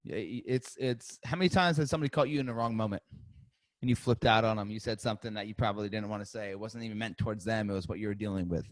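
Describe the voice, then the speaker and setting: A man hosting a live sales-coaching webinar. He talks in a lively, chatty way, laughs often and acts out sample phone calls and voicemails. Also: fairly low pitch, fast, no echo.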